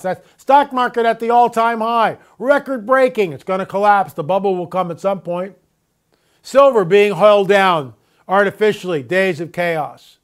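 A man hosting his own report, delivering an emphatic commentary monologue full of rhetorical questions and slowly stretched, repeated catchphrases. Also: high-pitched, smooth. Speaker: host of own video report.

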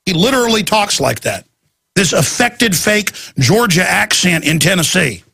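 Raspy, forceful ranting man. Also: sits high, big pitch swings, normal speed, no echo. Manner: ranting, emphatic and urgent. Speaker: talk show host. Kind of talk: heated talk radio monologue.

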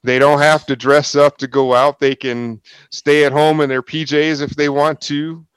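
A man with a smooth, resonant voice leads a group discussion, explaining his points at length and checking in with the others. The sound is dry and close. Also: on the high side, little pitch movement, normal speed, no echo. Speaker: host.

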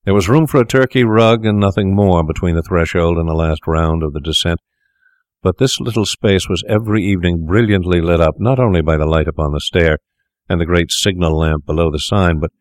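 A man narrating an audiobook in a measured, deliberate way. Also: low-pitched, darkish tone, no room sound, studio quality.

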